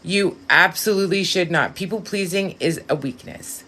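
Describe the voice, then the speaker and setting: A woman's voice: on the low side, moderate pace. Blunt, swearing woman reading live. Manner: blunt, swears freely, talks straight to viewers; bursts of excitement, then drops to a quiet aside. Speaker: live-stream tarot reader. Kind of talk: casual live-stream reading.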